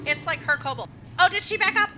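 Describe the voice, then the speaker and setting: High-voiced woman running a tabletop game. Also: animated, quick pace, pushed and bright. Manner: chatty, hesitant with many fillers. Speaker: dungeon master.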